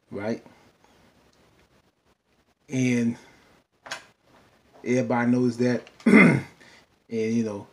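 A man's voice: mid-range voice, a little mellow, slight background noise. A man casually recapping a TV episode in a loose, rambling way, filling his talk with "you know.". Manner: chatty, loose, full of "you know" fillers.

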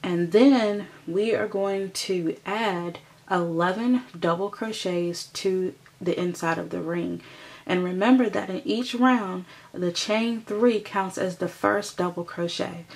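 A woman's voice: medium pitch, takes it slowly, a little mellow. A woman hosting a crochet tutorial, patiently explaining each step and counting stitches aloud as she works.

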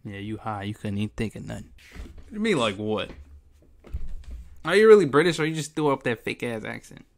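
A man's voice: medium pitch, sing-song, a little fast, creaky. A man in his twenties hosting a video chat prank, teasing strangers with profane, joking banter. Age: 20s. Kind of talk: casual chat.

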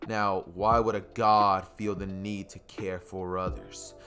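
A man voicing an arrogant villain with a god complex, speaking slowly and smugly. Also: low voice, flat delivery, bright, forceful tone, faint music behind, pitched below the performer's own voice, full character voice.

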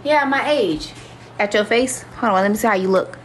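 A woman's voice: mid-range voice, normal speed, a little hiss or hum. A woman hosting a casual livestream, talking to viewers in a brash, boastful, profane way. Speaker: livestream host.

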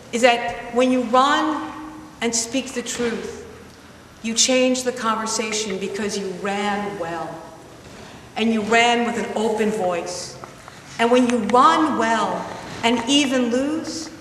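A middle-aged woman giving an emphatic public talk, telling a story and slowing down to stress her points. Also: a little high, fairly bright tone. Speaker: guest speaker, former candidate. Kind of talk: public speech with anecdote. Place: large hall with an audience. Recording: echoey hall from far off, faint noise.

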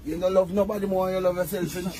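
A young man with a Jamaican accent telling animated stories in casual chat, laughing often, recorded on a phone. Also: high voice, rapid-fire, a crowd in the background. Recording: noisy phone video recording.

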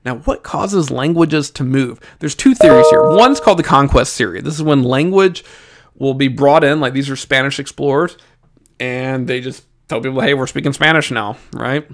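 A male teacher with a Southern US accent giving a lively, joking exam review lesson and talking straight to his students. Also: mid-range voice, moderate pace.

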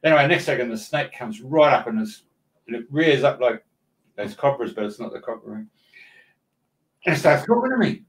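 A man with an Australian accent, a radio host telling a dream story in casual chat, animated and laughing as he talks. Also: mid-range voice, moderate pace, pauses often, far from the mic, low-quality recording.

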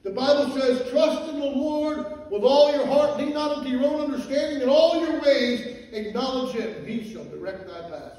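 A male pastor preaching a sermon, swinging from low, quick storytelling into shouted, half-sung cadences. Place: church sanctuary. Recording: echoey hall, mic far off.

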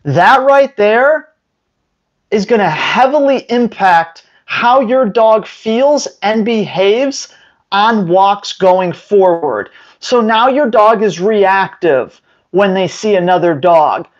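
Male dog trainer, emphatic advice to camera, unhurried delivery, slightly dull lo-fi sound. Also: high-pitched, lively intonation. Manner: emphatic, acts out owners and dogs in quick voices.

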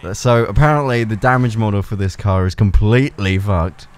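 A young man giving excitable gameplay commentary, laughing a lot and swearing freely. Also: lowish voice, a little fast, clear, resonant tone. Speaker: gaming YouTuber.

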